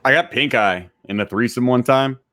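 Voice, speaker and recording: A man's voice: mid-range voice, normal speed, bright, forceful tone. A man talking as a podcast guest, brash and crude, swearing constantly while answering chat messages. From Texas. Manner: profane, brash, laughing. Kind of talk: crude casual chat reading live chat.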